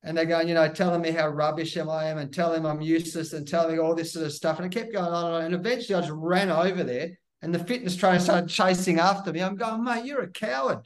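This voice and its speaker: Aussie guy, middle-aged, voice sits kinda high, animated storyteller chatting as a guest. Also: fast talker, few pauses. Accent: Australian. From Western Australia. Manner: animated, lively anecdotal storytelling that acts out other voices. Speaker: guest, former cricketer and coach. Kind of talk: casual storytelling interview.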